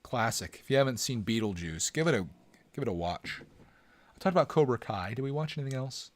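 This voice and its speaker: A man's voice: mid-range voice, expressive, a little fast. A man hosting a casual live stream from home, joking around and chatting with his viewers.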